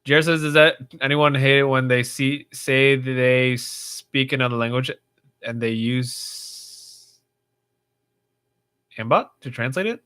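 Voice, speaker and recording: Bright-voiced man chatting on a livestream. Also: mid-range voice, slow pace, clear, resonant tone. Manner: chatty, rambling, reads viewer comments aloud with frequent fillers. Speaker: livestream host. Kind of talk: casual livestream chat reading comments.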